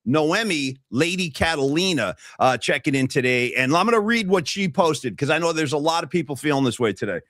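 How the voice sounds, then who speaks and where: Male co-host, upbeat and jokey, fairly high for a man, dry close sound, a touch weary. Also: animated, brisk, few pauses, fairly bright tone, dry recording. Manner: upbeat, joking, talks to viewers by name. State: a bit worn out after a big night. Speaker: podcast co-host. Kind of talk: casual sports talk show. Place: small studio.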